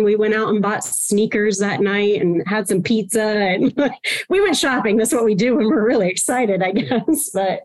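Emotional storytelling woman guest. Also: medium pitch. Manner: animated, emotional retelling with quoted dialogue. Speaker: podcast guest. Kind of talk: storytelling in a casual interview.

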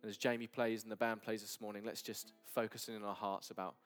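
A man preaching a sermon at a church service, earnest and sometimes dropping to soft near-whispers. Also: lowish voice, little pitch movement, fairly quick, faint music behind. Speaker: pastor.

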